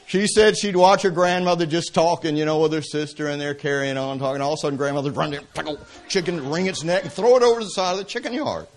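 A man's voice: on the high side, quick pace. A man with a Southern American accent from Atlanta, preaching a sermon as pastor, mixing emphatic exhortation with storytelling asides. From Atlanta, Georgia, US. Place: church service.

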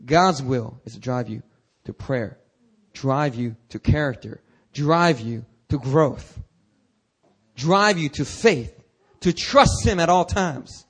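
Slow but animated, a male pastor with a medium-pitched, breathy voice delivers his sermon. Between candid, conversational asides to the congregation, he launches into dramatic cries that climb upward.

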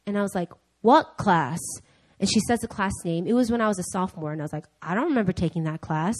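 A young woman preaching in church, telling a lively personal story and acting out the dialogue in different voices. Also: mid-range voice, fast talker. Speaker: speaker. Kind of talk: sermon storytelling.

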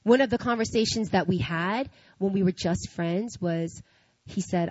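A woman's voice: mid-range voice, normal speed, a little mellow, no echo. An earnest woman tells her faith testimony in a confessional, heartfelt way, often checking in with "you know what I mean." Her voice sits in a middle register. The recording is dull and lo-fi with a dry, close sound. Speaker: speaker sharing a personal testimony. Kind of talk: emotional faith testimony to an audience.

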